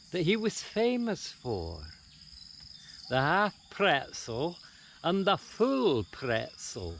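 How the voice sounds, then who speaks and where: A man voicing a cheeky male Scottish storyteller, telling a joke outdoors in a lively, comic, raised voice. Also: sits high, slight background noise, pitched above the performer's own voice, full character voice. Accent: put-on Scottish. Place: outdoors at a plantation.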